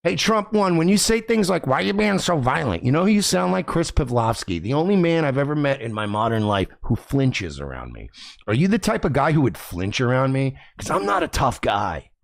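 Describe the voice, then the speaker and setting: Loud ranting male streamer, gravelly, swings high and low, profane and combative. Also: sing-song, fairly quick. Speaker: livestream host. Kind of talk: ranting livestream commentary. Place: home by the beach.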